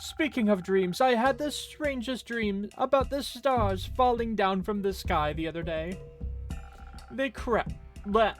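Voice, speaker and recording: A streamer voicing an excitable, doting undead friend who talks theatrically, with faint music behind. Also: mid-range voice, measured pace, close to an everyday voice. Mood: gushing. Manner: gushing, theatrical.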